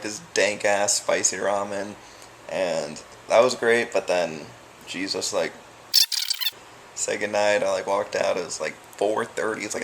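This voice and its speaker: Gravelly young man rambling casually. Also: on the low side, a bit bright, slight background noise. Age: young adult. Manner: rambling, loose, peppered with "like" and "um". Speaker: vlogger. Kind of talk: casual vlog chat.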